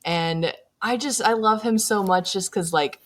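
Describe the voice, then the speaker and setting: A woman's voice: mid-range voice, measured pace, very noisy. A young woman co-hosting a podcast, talking casually about her game character, chatty, with frequent laughs and fillers. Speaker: podcast co-host. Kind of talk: casual chat.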